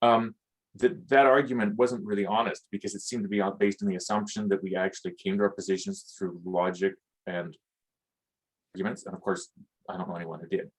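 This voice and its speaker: A man who hosts his own podcast, talking through his ideas in a reflective, hesitant way with many pauses and fillers. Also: deep voice, level tone, low-quality recording. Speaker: podcast host. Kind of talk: reflective conversation.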